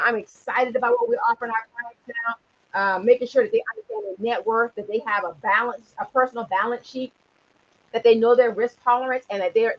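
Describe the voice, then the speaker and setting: A woman with a South Carolina accent, a retirement planning consultant giving a preachy, energetic motivational livestream talk and often checking in with "okay?". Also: a little high, lo-fi sound. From Charleston area, South Carolina.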